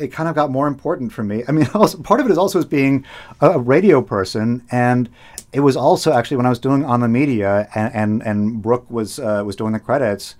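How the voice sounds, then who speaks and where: A man who hosts public radio, talking in casual conversation and often repeating words as he thinks aloud. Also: medium pitch. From United States. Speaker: public radio host, guest.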